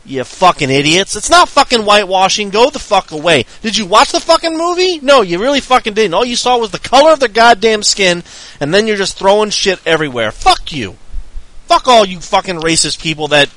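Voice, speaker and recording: A man's voice: high voice, very animated, a little fast, a bit bright, poor audio. A man co-hosting a podcast, ranting heatedly and swearing nonstop in casual talk. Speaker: podcast co-host.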